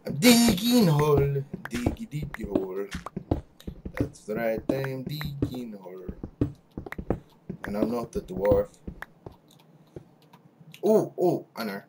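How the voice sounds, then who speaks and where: A man putting on a sing-song robot creeper voice, chanting a silly digging song over loud background noise and clicks. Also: high-pitched, big pitch swings, slow, creaky, long pauses, voice pushed up, heavily acted. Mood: playful.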